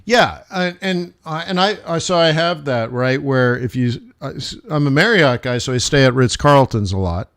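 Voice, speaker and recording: A man from the United States rambles casually on a live stream, restarting his sentences and laughing at his own story. His voice sits at an ordinary middle pitch, and he talks like a trader chatting with viewers between charts. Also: moderate pace, few pauses, fairly bright tone, clear, resonant tone. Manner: chatty, many restarts, laughs while telling stories. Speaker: livestream host, forex trader. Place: home studio during live stream.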